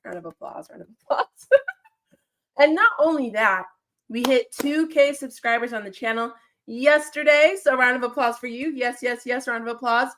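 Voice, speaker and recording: A woman's voice: high-pitched, moderate pace, fairly bright tone. Upbeat, chatty woman hosting a livestream. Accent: non-standard accent, remarked on by a viewer. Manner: upbeat, chatty, laughs often, repeats phrases. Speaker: streamer hosting a football call-in show. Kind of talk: casual livestream chat.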